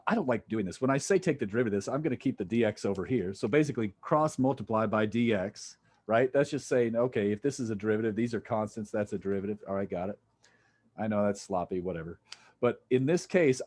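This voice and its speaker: A man's voice: fairly low pitch, animated, fairly quick, a little mellow. A man lecturing a physics class, casual and jokey, thinking aloud as he works through problems with students. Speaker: physics instructor.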